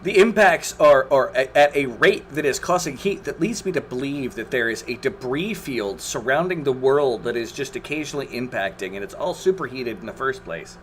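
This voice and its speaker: A man's voice: mid-range voice, lively intonation, normal speed, few pauses, a bit bright, slight background noise. A man commentating his own gameplay on a live stream, exasperated, swearing and groaning at the game.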